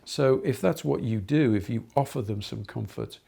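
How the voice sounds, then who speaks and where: A middle-aged man delivers a lecture to trainee teachers in a gravelly, husky voice. He speaks earnestly and tells anecdotes, often circling back with fillers and restarts, in a mellow tone. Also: medium pitch, normal speed.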